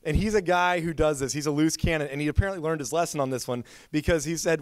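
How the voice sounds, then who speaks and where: A man's voice: on the high side, fast talker, hardly any pauses, clean tone, dry recording, clean studio sound. A man preaching a sermon as pastor, telling stories in a casual, chatty way with lots of filler words. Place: church.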